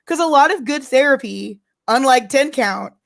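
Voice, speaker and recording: Woman co-host, fairly high voice, dry close sound, blunt and jokey. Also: animated, normal speed, vocal fry, no room sound. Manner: blunt, profane, joking. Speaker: podcast co-host. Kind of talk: casual chat.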